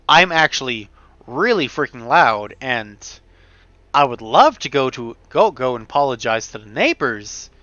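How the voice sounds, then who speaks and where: A man talks through his game in a rambling way, full of restarts, and sometimes races ahead in fast bursts. His voice is bright and forward. The sound is dull and lo-fi, with a dry close mic. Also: mid-range voice, no room sound. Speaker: gamer. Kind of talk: casual gameplay commentary. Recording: dull home mic recording.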